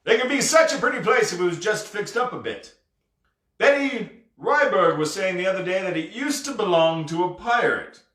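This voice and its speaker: A man's voice: high voice, expressive, moderate pace, a bit bright, echoey room, far from the mic, pitched above the performer's own voice. A man reading the lines of an insistent, sentimental elderly woman in his own voice. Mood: pleading.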